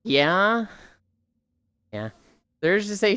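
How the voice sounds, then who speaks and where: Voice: mid-range voice, lively intonation, unhurried, a bit bright, smooth. A livestreamer chatting casually and reading viewer messages aloud, blunt and sighing often, swearing freely.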